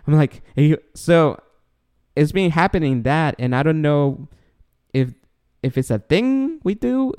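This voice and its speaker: A man's voice: fairly high pitch, animated, a little slow, darkish tone, smooth. A man co-hosting a podcast, chatting casually and acting out his own reactions as he tells a story. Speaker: podcast co-host. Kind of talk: casual chat.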